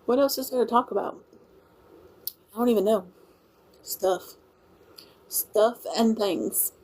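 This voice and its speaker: A woman from Louisiana with a country and Cajun accent hosts a casual livestream, rambling and thanking her viewers. Her voice is a little high, slow and slightly mellow, and the recording quality is low.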